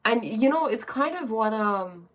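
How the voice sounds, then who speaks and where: A woman's voice: on the high side, lively intonation, a little slow, slight background noise. A woman hosting a live stream who chats casually, greets viewers by name and reads oracle cards aloud, often restarting her sentences.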